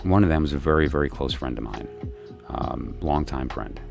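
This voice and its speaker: A man with an extremely deep, low voice, chatting casually and tiredly on a livestream. He rambles, circles back, and fills his gaps with plenty of ums and uhs. A faint bed of music plays quietly behind him. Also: animated, moderate pace, gravelly. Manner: rambling and chatty, many fillers and restarts. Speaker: livestream host chatting with viewers.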